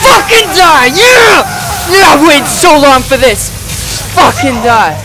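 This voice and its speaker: High-voiced man yelling over game music. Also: slow. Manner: loud, excitable, swearing and yelling at the game. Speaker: gamer. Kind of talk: let's play commentary. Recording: music playing underneath.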